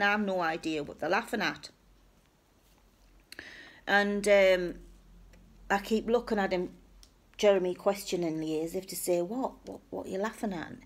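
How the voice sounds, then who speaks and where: A woman telling a funny personal story in a casual, self-mocking way. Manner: chatty, self-mocking, acts out her own high cheery replies.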